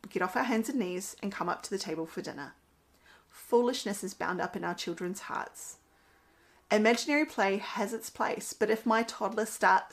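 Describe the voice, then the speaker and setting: A woman, a mother talking earnestly about parenting in a casual monologue, laughing now and then at her own stories. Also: mid-range voice. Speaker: mother giving parenting commentary. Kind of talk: casual monologue with Bible quotes.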